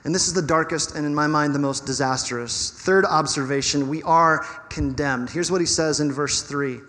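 A man preaching a sermon as pastor, conversational and animated, asking his listeners rhetorical questions. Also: on the high side, normal speed. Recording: long reverb of a hall.

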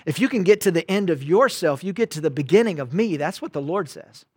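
A man preaching a conversational sermon, swinging between loud emphatic bursts and quiet asides. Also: sits high, animated, brisk, husky, no echo, clean studio sound. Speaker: pastor.

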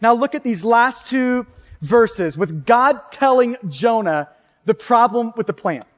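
A man's voice: extremely high pitch, lively intonation, unhurried. A man preaching a sermon, talking conversationally and asking the congregation rhetorical questions. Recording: long hall reverb.

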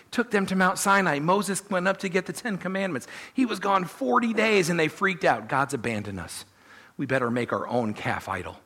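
A man preaching a sermon, telling the story in an animated way and voicing the people he quotes. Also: high voice, husky. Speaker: pastor.

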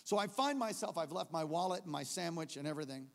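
A man preaching a storytelling sermon, his high voice edged with gravelly fry. He swings from hushed, quiet narration up to loud shouts, and the long reverb of a large church hall trails every word. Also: quick pace. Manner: animated, building from hushed to shouting. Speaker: pastor. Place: church service.

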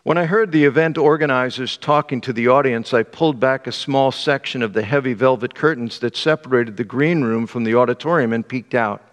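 A man preaching a sermon and reading an excerpt aloud, with a measured, deliberate delivery. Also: mid-range voice, in a large hall. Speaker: pastor.

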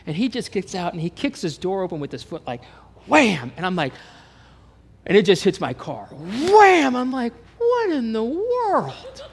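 A man's voice: sits high, huge pitch swings, normal speed, creaky, slightly rough, long reverb tail. A man preaching a sermon as pastor, telling stories animatedly and acting out the dialogue.

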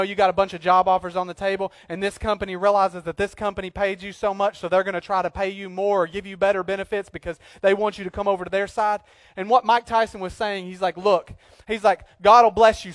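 A pastor preaching a sermon from a church pulpit in a joking, conversational way, swinging from quiet asides to loud, emphatic outbursts. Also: male voice, sits high, dry recording, clean studio sound.

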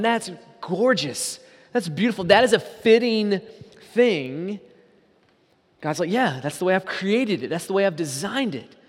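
A man's voice: high voice, long reverb tail. A man preaching a sermon as a pastor, building emphasis through repeated phrases. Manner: preaching with rising emphasis and repetition.

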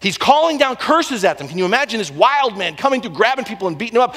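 A man preaching a sermon, telling the story with animated swings between loud and hushed delivery. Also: sits high, fast, few pauses. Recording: long hall reverb.

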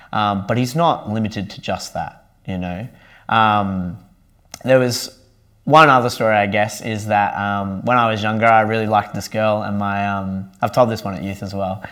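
Earnest young man, lowish voice. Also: fairly bright tone. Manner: earnest and conversational. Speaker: church member sharing his testimony. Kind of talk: personal faith testimony, casual speaking.

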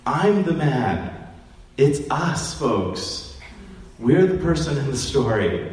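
A man preaching a sermon in a conversational, animated storytelling manner, acting out quotes. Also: mid-range voice, slight background noise. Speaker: pastor. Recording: roomy hall, distant mic, faint ambience.

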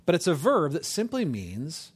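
A man's voice: a little high, huge pitch swings, normal speed, breathy edge. A man preaching a sermon in an informal, conversational way, often checking in with his listeners. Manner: conversational, many restarts and "right?" asides. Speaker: pastor.

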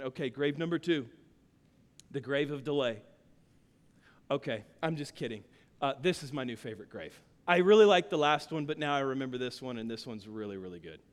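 Pastor guy in his 30s preaching, fired up then quiet, echoey church. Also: fairly high pitch. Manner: impassioned, swings from quiet to shouting. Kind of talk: sermon. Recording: long hall reverb.

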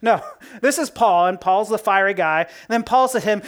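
A woman preacher with a medium-pitched voice delivers a sermon at a moderate pace. Her style is conversational and animated, with rhetorical questions and laughter at her own jokes.

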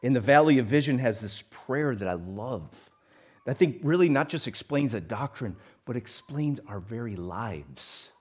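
A man preaching a sermon to a congregation, moving between loud emphatic lines and quiet conversational asides. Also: medium pitch, animated, moderate pace. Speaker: pastor.

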